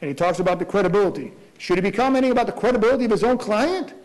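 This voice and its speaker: A prosecutor arguing a motion before a judge, earnest, with many rhetorical questions and restarts. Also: male voice, high-pitched, rapid-fire, darkish tone, slight background noise, poor audio. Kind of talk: courtroom argument.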